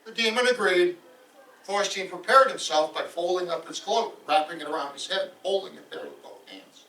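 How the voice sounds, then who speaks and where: A man tells an old saga aloud with lively energy. His voice sits fairly high and reaches the mic from across the room. The hall echoes noticeably. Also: moderate pace, slight background noise. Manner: lively, animated telling. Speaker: storyteller. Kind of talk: live oral storytelling of a saga. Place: event hall. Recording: roomy hall, voice from far off.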